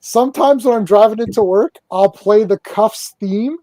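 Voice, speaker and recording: A man's voice: sits high, normal speed, warm tone, no room sound, rough recording. A man hosting a casual pop culture chat, rambling and enthusiastic, laughing often. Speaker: podcast host.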